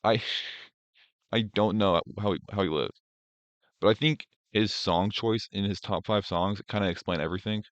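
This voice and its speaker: Deep-voiced young man ranting on stream. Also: moderate pace, no echo. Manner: rambling, profane, mocking, with filler words. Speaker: streamer host. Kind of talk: casual reaction stream commentary. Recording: dry, dull lo-fi stream audio.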